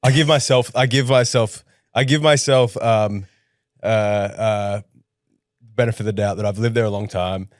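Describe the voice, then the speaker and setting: A young man with a fairly low voice talks through his story in a relaxed, halting way, circling back and restarting phrases. The sound is close and dry, with no room around it. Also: no echo. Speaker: guest musician. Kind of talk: casual podcast chat.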